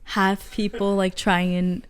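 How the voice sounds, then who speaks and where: Young female co-host, playful and quick with jokes, smooth resonant tone. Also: medium pitch, level tone. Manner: playful, jokey. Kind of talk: casual chat. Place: at home.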